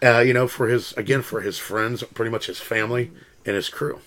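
A man co-hosting a casual movie chat, speaking slowly with exasperated profanity. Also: medium pitch, fairly even intonation, a bit bright.

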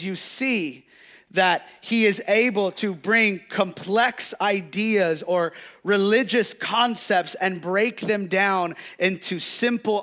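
Young male pastor, conversational preacher who tells stories and calls out to the room, voice pitched high. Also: a bit bright. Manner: conversational, storytelling with audience call-outs. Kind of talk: sermon.

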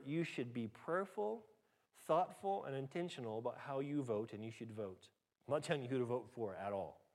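A man preaching a sermon as pastor, rising loud and high when reading scripture and dropping soft and low when he applies it. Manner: dynamic preaching, pitch and volume rising sharply when reading scripture aloud.

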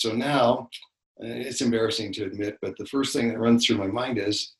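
A man's voice: fairly low pitch, fairly even intonation, a little fast, reverberant, low-quality recording. An older man co-hosting a casual faith podcast, telling stories in a rambling way with many restarts and fillers. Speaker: podcast co-host.

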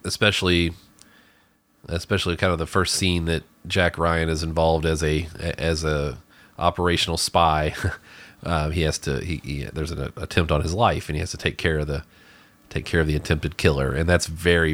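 A man with a very low, deep voice talks through a movie in a loose, casual review. He rambles, restarting his sentences often and filling gaps with ums and uhs. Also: flat delivery, normal speed, fairly bright tone. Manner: rambling, with many restarts and fillers. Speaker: podcast co-host reviewing a movie.

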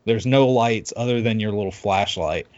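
A man recapping a video game in casual chat, rambling and halting with lots of fillers and restarts. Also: on the low side, a little mellow, lo-fi sound.

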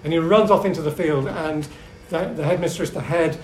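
Middle-aged guy telling stories at a seminar, lots of ums, fairly high voice, roomy echo. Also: a little fast. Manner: hesitant, with many ums and restarts; lively storyteller. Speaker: seminar speaker. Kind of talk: anecdotal talk to a seminar audience. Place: echoey meeting room. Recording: echoey room with faint hum.

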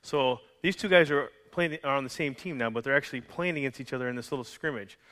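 A man's voice: mid-range voice, fast, a bit bright. A man preaching a sermon as pastor, telling a story in a conversational way with frequent restarts and jokes for the congregation. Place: church.

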